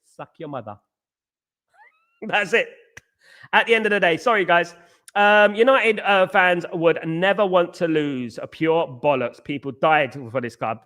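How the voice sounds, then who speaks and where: Bright-voiced blunt male stream host. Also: sits high, normal speed, smooth. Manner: blunt, repetitive, peppers talk with "mate" and "big up". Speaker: fan channel host reading live chat. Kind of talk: casual live-stream chat.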